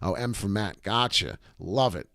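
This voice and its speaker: A man hosting a crypto live stream, talking loudly and excitedly to viewers, cursing and jumping from topic to topic. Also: on the low side, measured pace, no room sound, studio quality. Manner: loud, hyped and profane, jumps between topics. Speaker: crypto video host.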